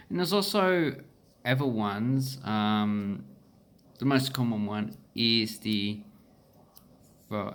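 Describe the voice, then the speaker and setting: A man with an Australian accent explaining pronunciation in a relaxed, meandering way, with filler pauses. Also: on the low side. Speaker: language teacher. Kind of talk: casual explanatory lesson.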